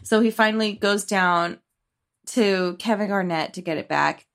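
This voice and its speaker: A woman co-hosting a podcast, casually recapping a film in a rambling, animated way, quoting characters and swearing freely. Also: mid-range voice, moderate pace, vocal fry. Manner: rambling, animated retelling with quoted voices and swearing. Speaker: podcast co-host.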